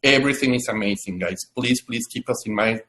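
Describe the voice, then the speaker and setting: A man's voice: medium pitch, fairly quick, sharp tone. A man hosting a live video-call webinar, talking with effusive enthusiasm and frequent restarts. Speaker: webinar host.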